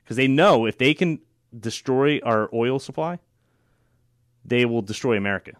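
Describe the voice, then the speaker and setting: A man's voice: medium pitch, expressive, normal speed, dry recording, clean studio sound. A man hosting a political talk show, opinionated and sarcastic, with frequent fillers and restarts. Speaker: radio show host.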